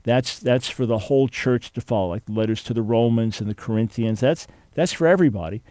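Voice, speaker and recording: A man's voice: mid-range voice, a little fast, dark tone, dry recording. A man hosting a call-in radio show, explaining his points to a caller in an earnest, emphatic teaching tone. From Jewish follower of Jesus.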